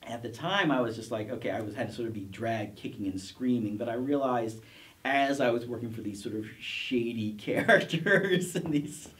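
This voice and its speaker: A man's voice: medium pitch, normal speed, a bit bright, recorded from a distance. A middle-aged man, a professor, telling his career story in a casual interview, rambling with restarts and self-deprecating chuckles. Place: college TV studio.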